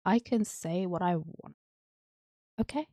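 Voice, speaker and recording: Giggly low-voiced woman streamer. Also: slow pace, dark tone, dry recording, studio quality. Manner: giggly, rambling, teasing. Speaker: streamer and history host. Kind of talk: casual chat stream.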